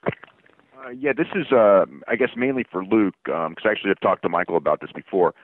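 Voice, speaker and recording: A man's voice: on the low side, expressive, fairly quick. A man reporter asking a rambling, hesitant question on a press conference call, heard over a phone line. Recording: tinny dry phone line from far off.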